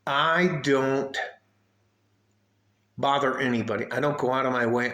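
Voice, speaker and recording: A man's voice: mid-range voice, fairly bright tone, roomy sound. A man chatting in a rambling, casual vlog outdoors by his house, swearing and laughing as he talks. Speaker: vlogger. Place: outdoors at home, by his car.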